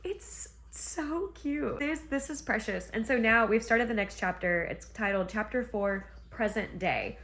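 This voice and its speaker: A woman's voice: mid-range voice, a bit bright. A woman retelling a romance novel in a chatty, gushing way on her book vlog. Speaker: book vlogger. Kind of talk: casual book reading vlog.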